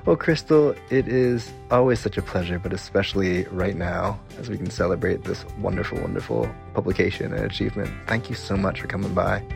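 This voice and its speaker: Male radio host, somewhat low voice, measured and thoughtful, with clear music underneath. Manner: thoughtful, careful phrasing. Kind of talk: radio interview and sign-off.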